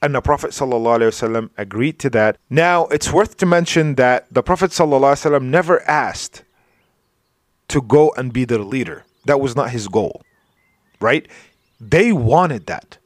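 A male preacher delivers a relaxed religious lecture, with a voice of ordinary pitch for a man. He often checks in with his listeners, fills pauses with small words and restarts his sentences. The recording is dry and close, with no room sound. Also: no echo. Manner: informal, checks in with "right?" and "you know", many fillers and restarts. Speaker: Islamic preacher.

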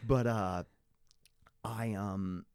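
A man chatting casually, telling animated stories with many fillers. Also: fairly low pitch, extremely slow, smooth, no room sound, clean studio sound. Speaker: guest. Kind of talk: casual conversation.

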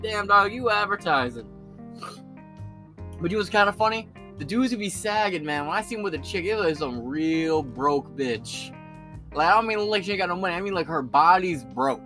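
A man's voice: sits high, bright, forceful tone. A young man hosting a podcast, telling crude, joking stories full of slang and swearing. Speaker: podcast host. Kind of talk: profane ranting commentary.

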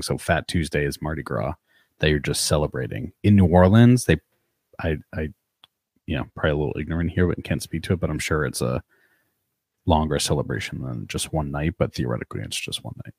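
A man with an extremely deep, low voice recaps an episode in easygoing podcast chat. He curses offhandedly and tells the story in a loose, rambling way. The sound is dry and close, with no room around it. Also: darkish tone, husky, dry recording. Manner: swears freely, narrates the plot loosely. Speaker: podcast co-host.

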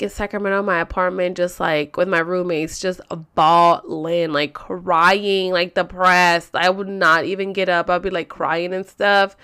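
A vlogger tells a long personal story, rambling, swearing, and dropping "like" into nearly every other phrase. Her medium-pitched voice is clear and resonant, with a fairly bright tone.

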